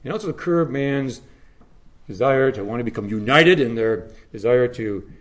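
A man preaching a sermon, with dramatic emphasis that drops to low, hushed phrases. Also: lively intonation, moderate pace.

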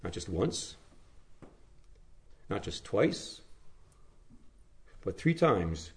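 Male preacher with lively, swinging delivery. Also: very slow, vocal fry, pauses often. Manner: storytelling, swings from raised emphasis to hushed low phrases. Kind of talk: sermon.

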